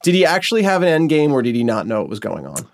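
A man's voice: mid-range voice, huge pitch swings, racing, no room sound, clean studio sound. A man co-hosting a podcast, chatting casually and asking pointed questions. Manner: inquisitive, asks pointed questions. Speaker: podcast co-host. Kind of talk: casual chat.

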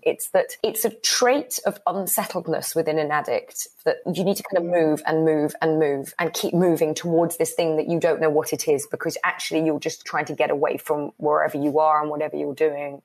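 Woman, 40s, interview guest, lowish voice, candid and animated, swears, plays out quotes. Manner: frank, expressive, swears, acts out quoted dialogue.

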